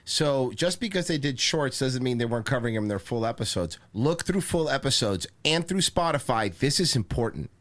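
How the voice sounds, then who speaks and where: A man hosts a casual podcast chat with an excitable, profane edge. His voice is bright and forceful, and his pitch jumps all over. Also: brisk, few pauses. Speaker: podcast host.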